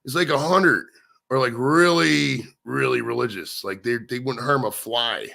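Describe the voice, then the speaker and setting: Streamer host: man from the States, bright forceful voice, profane rambling chat. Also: mid-range voice, a little slow, creaky. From United States. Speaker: livestream host. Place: his home.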